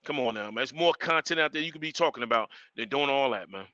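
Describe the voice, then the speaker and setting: A man's voice: medium pitch, quick pace, no room sound, muffled recording. A man hosting a live stream, ranting emphatically and repeating his points. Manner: animated, emphatic, repeats himself. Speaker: livestream host.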